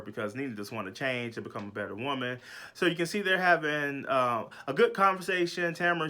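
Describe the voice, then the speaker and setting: Chatty, bright-voiced man with twang. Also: mid-range voice. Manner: chatty, gossipy, with sassy asides. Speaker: recap show host. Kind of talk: casual TV recap commentary.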